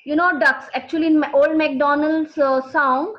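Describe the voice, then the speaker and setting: High-voiced woman teacher. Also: steady tone. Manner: slow, repeating key words for students. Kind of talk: classroom vocabulary lesson. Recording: dull lo-fi recording.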